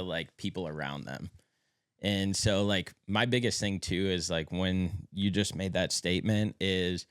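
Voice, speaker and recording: A man's voice: deep voice, clear, resonant tone, dry recording, studio quality. A man co-hosting a podcast, speaking with motivational passion in casual chat and swearing casually. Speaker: podcast co-host.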